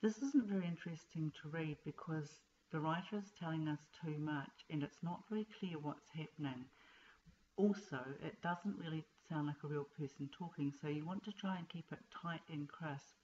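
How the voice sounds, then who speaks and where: A woman's voice: sits low, normal speed, warm tone, muffled recording, a little hiss or hum. A woman, a writing teacher giving plain, direct advice to students.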